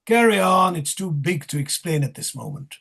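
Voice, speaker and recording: An actor reading the part of a wry, mocking male clown in a play rehearsal. His voice is gravelly and husky, and he teases and directs the king. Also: a little high, sing-song, moderate pace, a bit bright, heavily acted. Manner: teasing, directive, sardonic.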